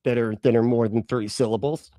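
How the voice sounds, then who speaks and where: A man's voice: medium pitch, fairly even intonation, fairly quick, mellow. A man hosting a live stream and reacting to clips in casual chat, sarcastic, often laughing and swearing.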